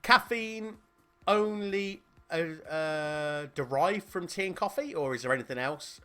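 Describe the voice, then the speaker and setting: A man's voice: sits high, unhurried, sharp tone, faint music behind. A man with a Northern Irish accent co-hosting a podcast, swearing and laughing through casual banter. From Northern Ireland. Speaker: podcast co-host.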